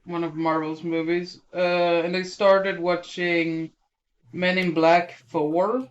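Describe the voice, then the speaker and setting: A podcast co-host with a lisp, chatting casually about films and often pausing on ums. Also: medium pitch, flat delivery, lo-fi sound. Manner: hesitant, lots of ums. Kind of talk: casual film chat.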